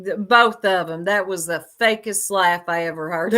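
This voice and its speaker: A woman's voice: fairly low pitch, moderate pace, fairly bright tone. A woman giving casual reaction commentary, blunt and sarcastic, laughing often and talking straight to her chat.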